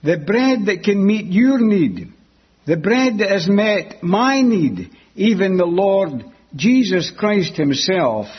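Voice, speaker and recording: Man, preacher, sermon, unhurried, repeats words for emphasis, muffled lo-fi sound. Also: high-pitched, lively intonation, breathy edge. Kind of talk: sermon, Bible exposition.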